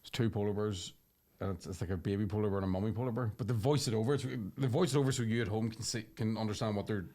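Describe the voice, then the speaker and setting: Brief: podcast co-host, low and fast, rambling sweary joke-teller. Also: male voice, dark tone. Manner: rambling, sweary, laughs often. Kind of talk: comedic storytelling chat.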